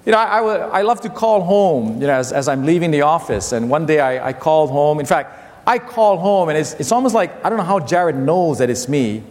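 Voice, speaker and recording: High-voiced male pastor preaching in a hall. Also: brisk. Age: 50s. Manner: animated storytelling, repeats phrases, acts out family voices. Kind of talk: sermon. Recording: long hall reverb.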